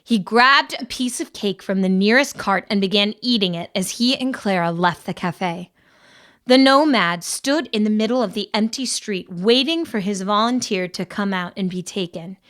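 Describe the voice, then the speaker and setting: A woman reads a fantasy audiobook at a measured, even pace. Her voice sits at a middle pitch for a woman. The reading is scripted narration.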